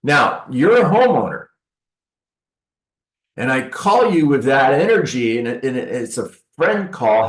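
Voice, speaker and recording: Animated male sales coach, echoey room. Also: medium pitch, unhurried. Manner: animated, acts out sales calls; sarcastic asides. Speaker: real estate coach. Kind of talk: live training seminar. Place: training room with an audience.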